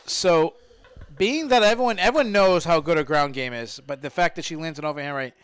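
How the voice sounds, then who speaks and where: Guy hosting a fight podcast on a studio mic, kinda high smooth voice, rambles and repeats himself. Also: brisk, fairly bright tone, dry recording. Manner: rambling, repeats and restarts phrases. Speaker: podcast host. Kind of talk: casual MMA commentary chat. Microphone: studio microphone.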